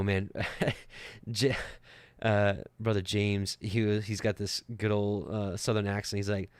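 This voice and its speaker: A man's voice: lowish voice, smooth, no room sound. A man teaching scripture casually, rambling with many fillers and restarts and chuckling now and then. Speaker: Bible teacher.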